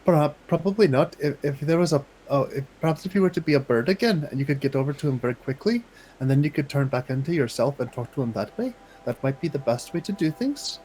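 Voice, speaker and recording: A man's voice: fairly high pitch, lively intonation, quick pace, a little mellow, husky, rough recording. A man playing a tabletop role-playing game, talking politely and formally in character with a dry humor. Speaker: player.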